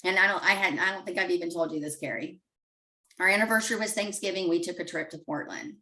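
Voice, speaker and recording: A middle-aged woman shares her story openly and from the heart. Her voice sits a little low, with a bright, forward tone. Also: fast, far from the mic, rough recording. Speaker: guest client. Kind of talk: emotional personal story.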